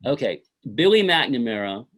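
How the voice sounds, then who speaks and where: A man's voice: medium pitch, sing-song, normal speed, a bit bright. A middle-aged man, a filmmaker being interviewed, telling stories from his film shoot in a rambling way full of "you know" and "uh". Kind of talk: casual interview storytelling.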